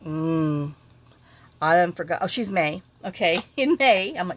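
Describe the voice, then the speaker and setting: A middle-aged woman, chatting casually as she crafts at her desk at home and rambling through a lively story with lots of asides. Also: on the low side, unhurried, a little hiss or hum. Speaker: crafting vlogger.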